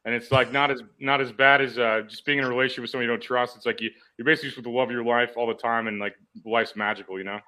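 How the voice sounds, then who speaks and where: A man's voice: medium pitch, steady tone, very fast, few pauses, sharp tone. A man from St. Louis hosting a casual comedy podcast, rambling and joking with lots of fillers. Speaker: podcast host.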